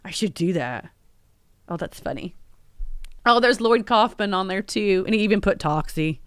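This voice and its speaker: A woman hosting a casual unboxing livestream, excited and laughing often. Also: medium pitch, moderate pace, clean tone, no room sound. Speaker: livestream host.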